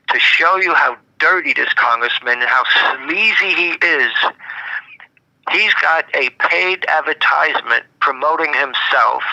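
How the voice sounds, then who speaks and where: A man's voice: mid-range voice, gravelly, pushed and bright, no room sound, lo-fi sound. A man from Brooklyn, delivering an indignant, rambling political commentary monologue on a live show, often repeating and restarting his words. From Brooklyn, New York.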